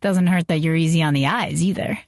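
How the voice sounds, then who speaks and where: A woman's voice: sits low, fairly quick, darkish tone, no room sound, clean studio sound. A woman reading an audiobook, voicing a pushy, smarmy young man at a party. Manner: smarmy, over-familiar.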